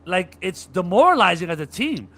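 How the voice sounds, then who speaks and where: A man's voice: fairly high pitch, normal speed. A man co-hosting a sports podcast, talking casually and animatedly about basketball and acting out players' frustration. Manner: animated, acts out players' griping with profanity. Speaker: podcast co-host.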